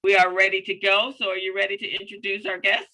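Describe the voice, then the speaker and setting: A woman's voice: mid-range voice, level tone, quick pace, pushed and bright, poor audio. A woman hosting an online community briefing on a video call, upbeat and promotional as she welcomes guests. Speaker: show host.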